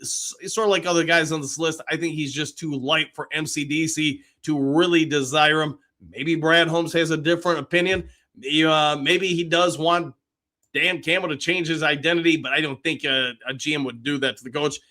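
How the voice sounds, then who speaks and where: Bright, high-voiced male sports host. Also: steady tone, moderate pace. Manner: chatty, reads viewer comments aloud with upbeat cheers. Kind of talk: casual live-stream commentary.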